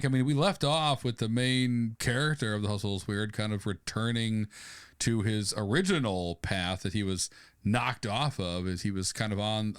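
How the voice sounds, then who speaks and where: Man, mid pitch, eager podcast co-host who laughs a lot, dry close mic. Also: clean tone, no room sound. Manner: enthusiastic, laughs often. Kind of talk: casual chat.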